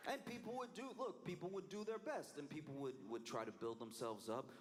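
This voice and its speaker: A man chats casually on a live stream in a slightly high, brisk voice over a very noisy background. He's animated, laughing often and putting on playful voices for the people he quotes.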